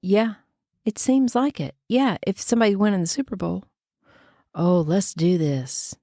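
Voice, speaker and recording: A woman, co-hosting a podcast in casual chat, chatty and excitable and quick to cheer. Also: medium pitch, no echo, studio quality. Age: 50s. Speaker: podcast co-host.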